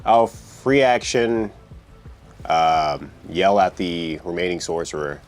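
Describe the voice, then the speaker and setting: A man playing a tabletop game, talking casually and thinking out loud with hesitations. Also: low-pitched, takes it slowly, faint music behind. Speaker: player.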